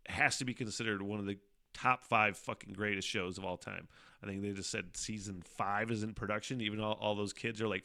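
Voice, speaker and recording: A middle-aged man hosting a casual solo podcast, rambling and swearing often, animated, with frequent laughs. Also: fairly low pitch, gravelly. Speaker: podcast host.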